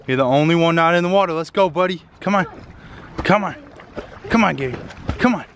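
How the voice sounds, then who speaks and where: A man's voice: fairly high pitch, a little fast. A man casually vlogging outdoors by a pool, playfully coaxing his dog and putting on joking voices for it. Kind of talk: casual vlog narration. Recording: noisy outdoor recording.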